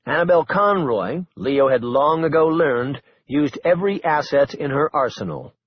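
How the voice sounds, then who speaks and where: A man narrating an audiobook in a steady, even storytelling voice, on a muffled lo-fi recording. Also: a little high, moderate pace, a little hiss or hum.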